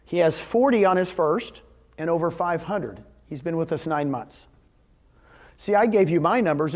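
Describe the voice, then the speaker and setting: Man, seminar speaker, animated storytelling, rhetorical questions, slightly high voice. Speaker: real estate seminar speaker. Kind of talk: motivational talk to an audience.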